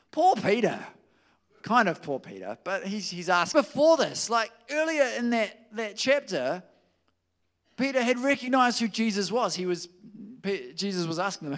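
Animated preacher with a slightly high voice. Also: male voice, normal speed. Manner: conversational, animated, with restarts and acted quotes. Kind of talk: sermon.

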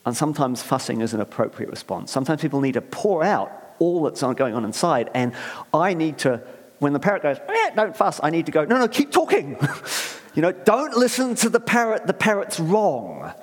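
Chatty New preacher, animated pitch. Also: male voice, fairly quick. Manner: rambling, chatty, many fillers and restarts, asks the audience questions. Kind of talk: conversational sermon. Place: church. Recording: reverberant church hall.

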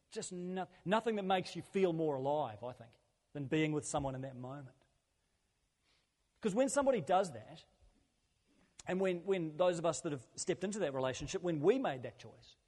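A man's voice: fairly high pitch, a little mellow. Earnest male pastor in a reverberant hall. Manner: earnest, conversational preaching with repeated phrases. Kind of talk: sermon.

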